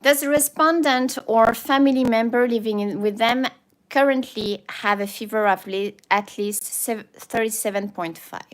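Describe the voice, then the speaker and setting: A YouTuber with a French accent chats casually on a livestream, reading a form aloud with playful asides. She slips into French interjections and laughs often. Her voice is fairly high and her pace moderate.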